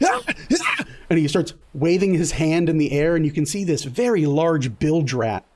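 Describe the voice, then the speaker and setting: A man running a tabletop game as game master, narrating in a loose, halting way full of fillers. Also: fairly high pitch, dark tone.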